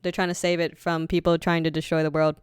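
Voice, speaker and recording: Young woman co-host, animated and loose, swears freely; lowish, smooth voice, dry close recording. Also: fast, dry recording. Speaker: podcast co-host. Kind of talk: casual anime chat.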